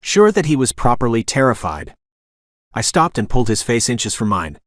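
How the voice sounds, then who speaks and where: A man narrating a romance audiobook in first person, with a gruff, dramatic delivery. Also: medium pitch, big pitch swings, moderate pace, no echo, studio quality.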